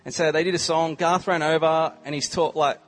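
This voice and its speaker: A man's voice: on the high side, fairly even intonation, fairly quick, soft background music. A young man in his twenties with an Australian accent, telling a humorous story in a casual sermon and filling his sentences with "like" and "um". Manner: chatty, humorous storytelling with many "like" and "um" fillers. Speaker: visiting preacher.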